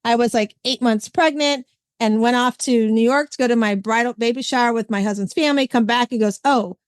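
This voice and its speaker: A woman hosting a podcast, chatting casually and retelling stories with lively quoted voices. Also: fairly high pitch, a little fast, clean tone, no echo, clean studio sound. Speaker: podcast host. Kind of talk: casual chat.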